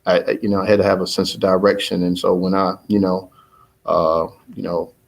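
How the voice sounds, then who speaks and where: A man's voice: sits low, little pitch movement, a little fast, creaky. A man, likely in his thirties, giving a rambling, motivational update to his followers about his business, with many fillers and restarts. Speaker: business owner addressing followers. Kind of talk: casual spoken update.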